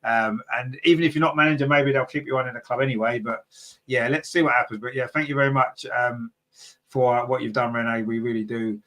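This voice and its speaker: Chatty man hosting a fan podcast. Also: brisk. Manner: chatty and rambling, many fillers, excitable jumps in pitch. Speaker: podcast host. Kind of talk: casual chat, reading viewer comments.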